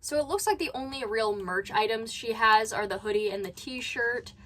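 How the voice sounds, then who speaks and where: A woman's voice: fairly high pitch, normal speed, fairly bright tone. A woman hosting a reaction channel, giving blunt, critical commentary with sarcastic asides from home.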